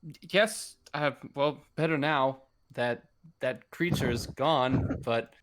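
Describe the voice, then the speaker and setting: A woman's voice: rumbling low, takes it slowly. A woman voicing a timid, shaken young man adventurer who stammers and hesitates.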